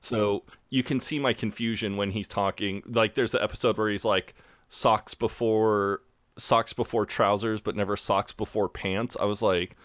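A man's voice: on the low side, steady tone, moderate pace, a bit bright, dry recording, clean studio sound. An American man hosting a podcast in casual chat, retelling scenes animatedly and acting out the quoted lines. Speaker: podcast host.

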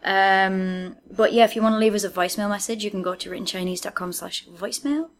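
A woman's voice: medium pitch, fast. Chatty woman podcast host. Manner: chatty, laughs often, trails off and restarts. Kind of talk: casual chat.

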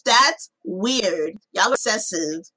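A woman's voice: mid-range voice, expressive, slow, sharp tone. A woman co-hosting a podcast in casual chat, ranting emphatically and slipping into mock voices. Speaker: podcast co-host.

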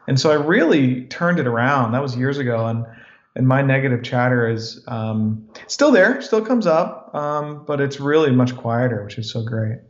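A man in his forties, a podcast guest speaking in a calm and reflective way. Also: medium pitch, normal speed. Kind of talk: podcast interview. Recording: roomy, dull lo-fi sound.

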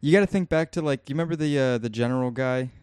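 A man's voice: mid-range voice, fast talker, darkish tone, clear, resonant tone, dry recording. A man co-hosting a podcast in casual chat, rambling and laughing easily. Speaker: podcast co-host.

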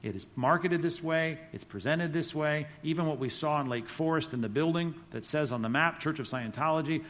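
A man's voice: a little high, a bit bright. Man teaching a class in a reverberant hall. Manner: conversational, emphatic, reads quotes aloud. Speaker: Bible teacher. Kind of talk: church teaching class with slides.

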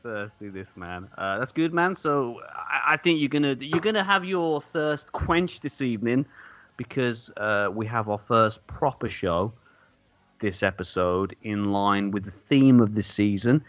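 A man's voice: medium pitch, expressive, unhurried, a bit bright, dry recording, muffled recording. A man co-hosting a casual beer-tasting podcast, jokey and rambling, laughing often. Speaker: podcast co-host.

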